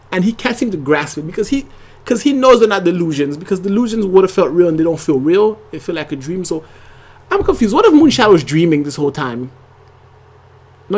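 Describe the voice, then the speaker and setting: A channel host talks through a TV episode in a loose, conversational way. The voice sits mid-pitch and moves at an ordinary pace. The delivery keeps circling back with asides and quick check-ins to the viewer. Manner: rambling and conversational, leaning on "like" and tag questions. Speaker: TV show reviewer and channel host. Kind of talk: casual episode review to camera.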